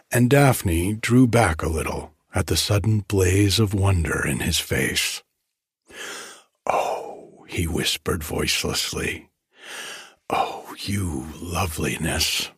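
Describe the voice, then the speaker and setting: A man narrating an audiobook in a slow, hushed, intimate, breathy voice. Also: sits low, expressive, no room sound, clean studio sound. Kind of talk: audiobook reading.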